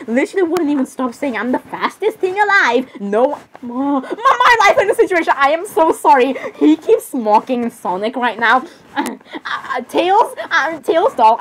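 A woman running a solo role-play, switching quickly between the voices of many characters and giggling often. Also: high-pitched, a little hiss or hum.

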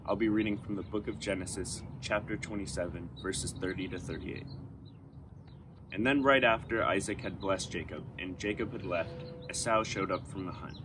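A man's voice: sits low, moderate pace, background noise. A man reading a passage of scripture aloud as a story for a church service. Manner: storytelling delivery. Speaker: scripture reader.

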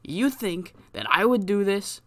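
A man's voice: high voice, expressive, measured pace, fairly bright tone, no room sound, voice pushed up. A man putting on a cursing, boastful wrestler. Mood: taunting, boastful. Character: brash foul-mouthed male wrestler with a priest gimmick. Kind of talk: wrestling promo voice in a game let's-play.

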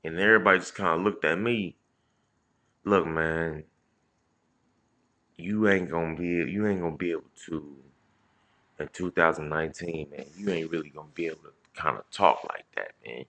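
A man from Indiana casually telling a profane story on a live stream, full of restarts and shout-outs to viewers. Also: deep voice, normal speed, long pauses. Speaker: comedian livestream host.

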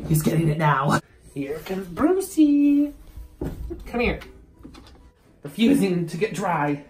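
Excitable young man in an echoey bathroom. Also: high-pitched, moderate pace, background noise. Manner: excitable, laughing, yelping at scratches. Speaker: vlogger. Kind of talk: casual chat to camera. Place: bathroom at home.

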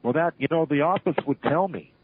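Older male storyteller, retired referee type, husky voice, phone-line sound, lively and anecdotal. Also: a little high, fairly quick, no room sound. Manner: animated storyteller who acts out shouted quotes. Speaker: retired wrestling referee, interview guest. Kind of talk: storytelling interview.

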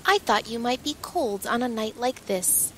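A woman's voice: on the high side, expressive, normal speed, fairly bright tone, a little hiss or hum. A woman voicing a kind, cheerful middle-aged food cart man in a storybook reading, friendly and generous.

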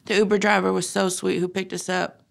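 A middle-aged woman speaking haltingly as she recounts her loss in a personal testimony, often pausing and using fillers. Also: mid-range voice, level tone, creaky. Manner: halting, grief-stricken, frequent fillers. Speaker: grieving mother interviewee.

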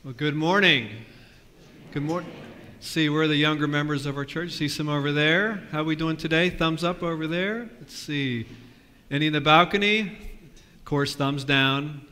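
A man leading a lively children's sermon, asking the kids questions in a church with a balcony. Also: on the high side, normal speed, a little hiss or hum. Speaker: pastor. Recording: long reverb of a church.

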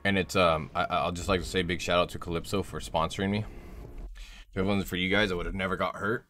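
A young man streaming a game in casual chat, swearing often, reading chat aloud and yelling at teammates while sore from a hurt leg. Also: low-pitched, brisk, a little hiss or hum. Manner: profane, chatty, reads chat aloud and shouts at teammates.

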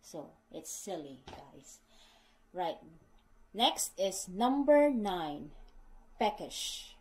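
A woman's voice: on the low side, sing-song, extremely slow, poor audio. A middle-aged woman explaining slang to her viewers in casual speech, repeating herself patiently and calling them guys, with non-native English phrasing. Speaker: vlogger teaching British slang.

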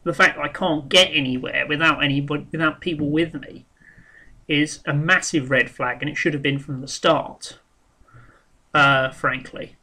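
Bright-voiced rambling man. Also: fairly high pitch, fairly even intonation, normal speed. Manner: rambling and frank, with many ums, restarts and swearing. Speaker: vlogger. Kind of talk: casual spoken monologue.

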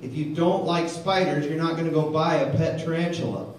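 A man's voice: a little high, fairly quick. Fiery preacher man in an echoey hall. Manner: energetic, calls for amens, tells jokes. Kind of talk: sermon. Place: church hall. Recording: very echoey hall, mic far off.

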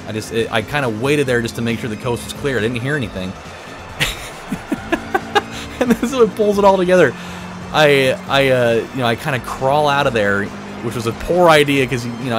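A man with a voice pitched a bit above average rambles through a story as he hosts a let's play. He swears freely and leans on fillers and restarts. Racing game music plays clearly behind him. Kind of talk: casual gameplay commentary, telling a story. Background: racing game music and engine sounds.

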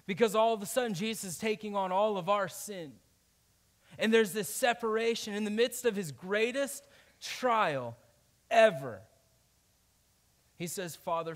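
A man preaching a conversational sermon, often checking in with "right?" and swinging between loud emphasis and quiet asides. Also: high voice. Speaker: pastor.

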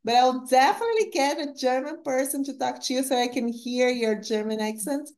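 A woman's voice: high-pitched, a little fast, darkish tone. A woman hosting a casual conversation, upbeat and friendly. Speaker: host.

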